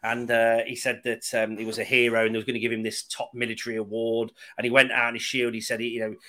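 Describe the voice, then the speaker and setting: A man in casual chat, an animated, sardonic storyteller who swears freely. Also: medium pitch.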